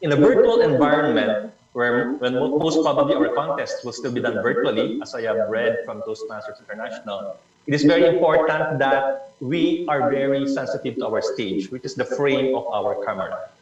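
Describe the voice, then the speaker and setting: A man's voice: medium pitch, moderate pace. A man from the Philippines leading an online speaking workshop, encouraging and stressing key words as he repeats them. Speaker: presenter leading a learning session. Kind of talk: online club workshop talk. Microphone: video call. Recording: echoey distant muffled video call audio.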